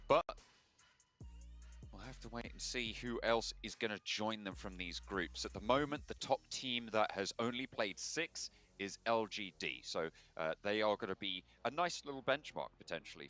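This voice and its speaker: A man's voice: lowish voice, animated, moderate pace, a bit bright, soft background music. A man casting an esports tournament, steadily talking through points and benchmarks. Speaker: esports caster. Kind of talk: esports commentary.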